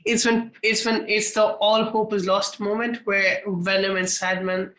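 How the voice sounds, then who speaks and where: A co-host on a casual film podcast who talks in halting bursts with many restarts and short, dry replies. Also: mid-range voice, level tone, fairly bright tone, roomy sound, poor audio.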